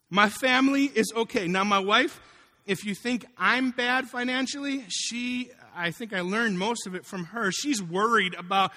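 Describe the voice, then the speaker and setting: A pastor delivers a sermon full of personal stories, acting out what people said. His voice sits high and sounds bright and forceful. The room has a long, ringing reverb. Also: moderate pace. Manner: animated storytelling, acting out quotes.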